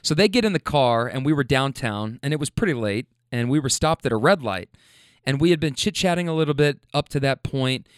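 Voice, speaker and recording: A man's voice: medium pitch, expressive, fairly quick, clean tone, no room sound, clean studio sound. A man who drives for a rideshare service telling a candid, profane story, often laughing. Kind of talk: casual storytelling.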